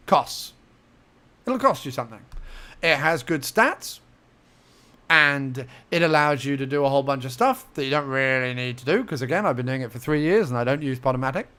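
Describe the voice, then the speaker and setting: A man's voice: on the high side, lively intonation, normal speed, a bit bright. A young man hosting a casual screen-recorded tutorial, chatty and playful, talking to himself as he clicks through menus. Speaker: podcast host giving a tutorial.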